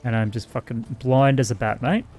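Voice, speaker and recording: Speaking fairly quickly at medium pitch with a darkish tone, an Australian gaming host delivers casual let's-play commentary. He swears freely and talks back to the game's characters while faint music plays behind him.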